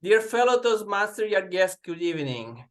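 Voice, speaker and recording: A man giving a prepared personal speech on a video call, telling his story slowly and earnestly with pauses. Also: sits high, very animated, fairly bright tone. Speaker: club speaker joining online.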